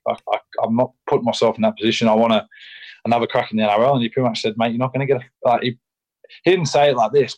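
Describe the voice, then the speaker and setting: A young Australian rugby league player speaks candidly as a podcast guest in a lowish voice, captured on a low-quality recording. His interview chat is casual and blunt, loaded with ums, restarts and swearing.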